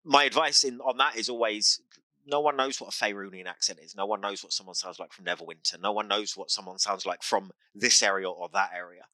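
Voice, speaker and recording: A man's voice: fairly low pitch, a little fast, bright, forceful tone, no room sound, poor audio. A British man hosting a casual podcast as dungeon master, talking earnestly and restarting phrases as he gives advice.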